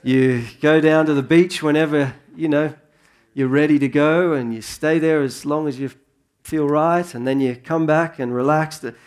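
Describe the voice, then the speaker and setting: A man in his thirties preaching a sermon in a relaxed, conversational way that rises into earnest emphasis. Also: fairly high pitch, moderate pace. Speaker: pastor.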